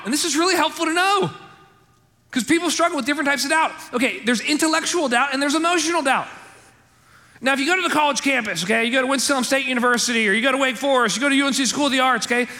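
Pastor, male, high bright voice, chatty emphatic sermon, echoing church hall. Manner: conversational, emphatic, frequent "okay?" and "right?" asides. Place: church sanctuary. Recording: long hall reverb.

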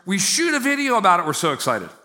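A man preaching a sermon in an animated, conversational way, with frequent asides to the congregation. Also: sits high, quick pace. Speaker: pastor.

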